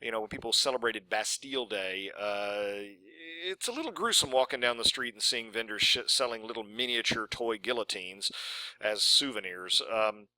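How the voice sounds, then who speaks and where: A man's voice: on the low side, moderate pace, pushed and bright, no echo, low-quality recording. A man giving a university lecture in a conversational way, often checking in with "okay?" and "right?".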